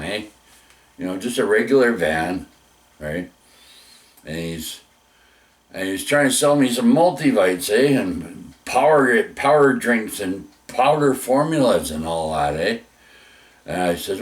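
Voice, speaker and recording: A man's voice: fairly low pitch, far from the mic. A man telling rambling personal stories, full of restarts, mild swearing and "eh?" tags.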